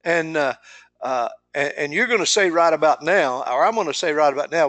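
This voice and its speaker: A folksy man teaches a sales training, his voice a little high for a man and recorded dry and close. He repeats himself, stumbles over words and acts out both sides of phone calls. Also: animated, brisk, a bit bright, no room sound.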